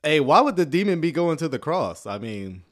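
Laid-back man reacting with lively pitch. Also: normal speed. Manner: laid-back, joking, Southern US slang like "y'all". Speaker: commentator reacting to a video. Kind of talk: casual reaction commentary.

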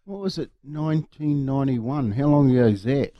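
A man's voice: medium pitch, moderate pace, highs cut off, a little hiss or hum. A man with a New Zealand accent co-hosting a breakfast radio show, telling stories in casual chat and saying mate often. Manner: chatty storyteller, says mate often. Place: radio studio.

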